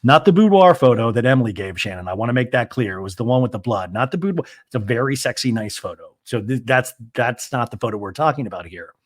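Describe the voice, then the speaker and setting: A man's voice: lively intonation, fast, hardly any pauses. A man hosting a casual recap podcast, talking in a chatty, rambling way and thinking aloud. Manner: mimics cast members in high mocking voices. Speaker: podcast host.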